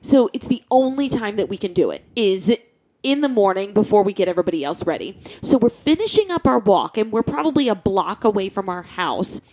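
A woman telling a story in casual chat, expressive, with gasps and exclamations. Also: mid-range voice, a little fast.

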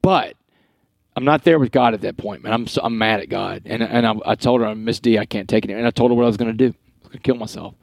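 A middle-aged man from Texas, a guest telling his life story in an earnest, animated way with quoted dialogue. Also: on the low side, quick pace, vocal fry, no room sound. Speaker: guest speaker. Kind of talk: storytelling interview.

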